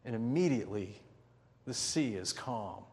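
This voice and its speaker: A man preaching a sermon as pastor, telling a story vividly and slowing down to stress key points. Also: lowish voice, lively intonation, darkish tone, long reverb tail. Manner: vivid storytelling with slow, drawn-out emphasis.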